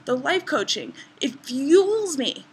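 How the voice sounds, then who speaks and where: Bubbly high-voiced woman vlogging outdoors. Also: big pitch swings, takes it slowly. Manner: bubbly, enthusiastic storytelling. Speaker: vlogger and travel writer. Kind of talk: casual vlog to camera. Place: outdoors in a garden.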